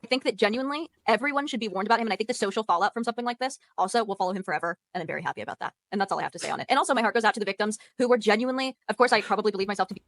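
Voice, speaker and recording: A woman's voice: mid-range voice, racing, hardly any pauses, no room sound. A woman arguing firmly in a heated debate, repeating her points and pressing her accusations. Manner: insistent, repeats herself, firm accusations. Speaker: debate panelist.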